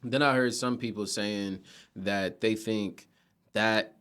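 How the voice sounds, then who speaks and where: A man's voice: on the low side, fairly even intonation, slow, fairly bright tone, smooth. Casual, profane male movie reviewer. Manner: rambling, profane, conversational, with frequent restarts.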